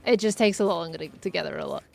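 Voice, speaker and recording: A woman's voice: lowish voice, racing, vocal fry, darkish tone. A young adult woman streaming a game, chatting in a rambling, giggly way as she plays. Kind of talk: rambling live gameplay chat.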